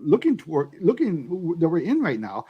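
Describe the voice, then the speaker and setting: A man with a fairly high, widely swinging voice talks in a loose, casual chat. He stumbles through restarts and fillers, then lands each point with firm emphasis. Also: huge pitch swings, moderate pace, husky, highs cut off. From United States. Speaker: YouTube channel host.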